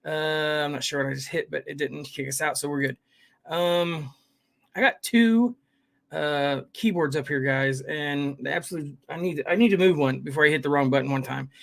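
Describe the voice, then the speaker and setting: Speaking at normal speed in a slightly high, creaky voice, a male livestream host chats loosely with his audience. He greets people by name, reads their comments in a rambling way, and keeps using "guys" and "fam."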